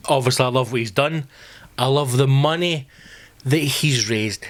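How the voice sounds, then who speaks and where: A man's voice: medium pitch, moderate pace. Sweary Scottish man ranting. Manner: sweary, rambling. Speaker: podcast host. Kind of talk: comedic podcast rant.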